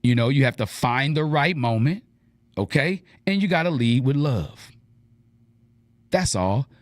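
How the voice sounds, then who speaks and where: A man's voice: mid-range voice, animated, a little slow, no echo, studio quality. A man hosting an advice radio show, talking casually and animatedly in slang and acting out the lines he quotes.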